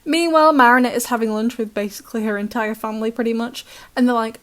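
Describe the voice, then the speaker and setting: A woman's voice: on the high side, steady tone, fast, few pauses. A British woman recapping a cartoon episode in chatty, sarcastic commentary, laughing often. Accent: British English. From Britain.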